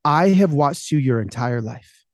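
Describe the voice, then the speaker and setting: A man voicing his wise old immigrant father, speaking slowly and calmly. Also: medium pitch, dry recording, studio quality. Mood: earnest.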